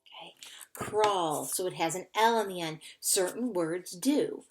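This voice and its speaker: A woman's voice: fairly low pitch, moderate pace, a little mellow, a little hiss or hum. A woman teacher giving a recorded phonics lesson to children, patiently sounding out and spelling words. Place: indoors at a whiteboard.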